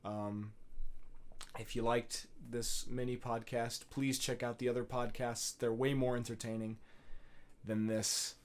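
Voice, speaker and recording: A man's voice: mid-range voice, flat delivery, measured pace. Young guy doing a solo podcast, rambly and earnest, cusses a lot, ums everywhere. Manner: earnest rambling pep talk with frequent swearing and fillers. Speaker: podcast host.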